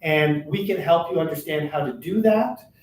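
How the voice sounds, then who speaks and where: An older man with a somewhat high voice presents a live workshop, talking quickly and keeping his listeners with him by asking "right?" and "all right?" He is caught from a distance by a room mic in an echoey space, with faint noise underneath. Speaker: workshop presenter for a workers' advocacy centre. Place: meeting room at a chamber of commerce.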